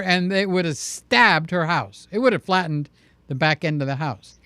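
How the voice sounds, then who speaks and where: A man's voice: a little high, normal speed, sharp tone, clean tone, dry recording. A man hosting a casual live stream, chatty and jokey, acting out voices as he tells stories. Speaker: livestream host.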